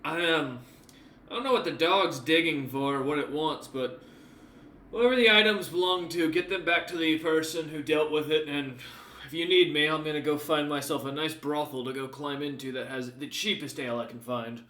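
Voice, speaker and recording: Guy putting on a gruff rowdy warrior boss, bright loud voice, echoey room. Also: on the high side, normal speed, recorded from a distance. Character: gruff burly male warrior captain, crude and jovial.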